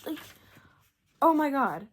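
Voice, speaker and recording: A woman giving a casual book talk as a vlogger, ranting in an animated, exasperated way with lots of fillers and bursts of laughter. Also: sits high, slow pace, slight background noise. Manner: breaks into laughter.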